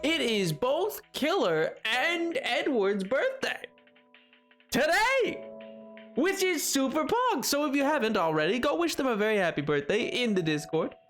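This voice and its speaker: Lively sing-song livestream host. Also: high-pitched, unhurried. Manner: playful, sing-song greetings, reads chat aloud; frequent laughs and mock exclamations. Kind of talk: casual livestream chat. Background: faint music playlist.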